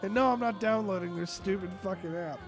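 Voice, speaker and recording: A man's voice: sits high, a little fast, music in the background. A man with a cough, hosting a casual online chat and ranting with lots of swearing and exasperation. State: sick with a cough.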